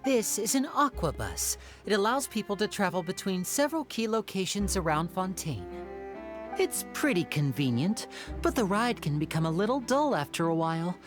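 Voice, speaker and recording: A man's voice: high voice, sing-song, moderate pace, music in the background. A man voicing a young stage magician in a game, easygoing and lightly teasing. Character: young male stage magician, smooth and playful. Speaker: game character. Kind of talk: game voice acting.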